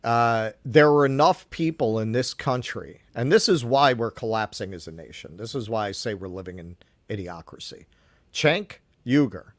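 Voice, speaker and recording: A man from New York co-hosting a casual political chat stream, talking in an animated, indignant way with lots of swearing. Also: on the low side, moderate pace, dry recording. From New York, Queens. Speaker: co-host.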